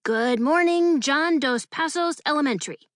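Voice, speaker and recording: Here a woman plays a stiff boy news anchor, her stilted reading delivered through a forced smile. She speaks at normal speed in a high register pitched above her own voice but near an everyday one, recorded dry and clean in a studio.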